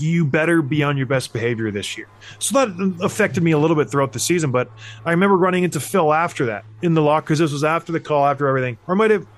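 Animated male storyteller, slightly high voice. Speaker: podcast host, former hockey player. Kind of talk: casual storytelling chat.

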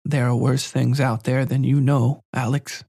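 A man voicing a worn, fearful woman who gives hushed, urgent warnings. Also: medium pitch, flat delivery, unhurried, creaky, no echo, studio quality.

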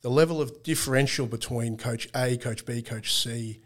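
A man talks sport in a relaxed podcast. He explains things in long runs, often restarts his sentences and slips in dry jokes. His voice sits at an ordinary middle pitch for a man. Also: moderate pace. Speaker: guest analyst on team performance. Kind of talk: casual podcast chat.

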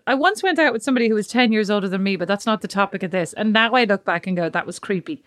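A woman co-hosting a casual chat, talkative and quick to laugh. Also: mid-range voice, lively intonation, fairly bright tone, no room sound, studio quality. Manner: chatty, laughs a lot. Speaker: podcast co-host.

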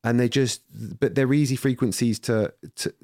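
Bloke rambling on a podcast, lots of restarts, gets sweary, dead dry sound. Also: male voice, mid-range voice, steady tone, normal speed, darkish tone, no room sound. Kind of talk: casual conversation.

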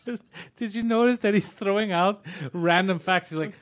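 A man co-hosting a comedy podcast, teasing and laughing, with quick crude jokes. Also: high voice. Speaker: podcast co-host. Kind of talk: casual comedy chat.

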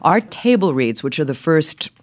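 A middle-aged woman, an actress, telling animated stories in an interview, her voice leaping up with laughter and acted-out lines. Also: moderate pace. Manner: lively, swings high with laughter and voices. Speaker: actress guest.

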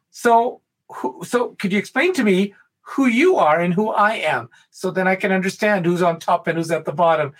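A man talking on a podcast, telling a spiritual parable in an animated way, stumbling over many restarts. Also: high voice. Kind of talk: spiritual talk and storytelling.

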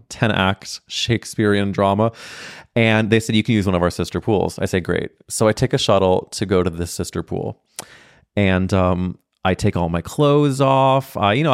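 A man in his thirties from St. Louis, hosting a solo podcast and telling a funny story in a campy, animated way, acting out the other people's lines and laughing as he goes. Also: fairly low pitch, no echo, clean studio sound. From St. Louis, Missouri, USA. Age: 30s. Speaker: podcast host.

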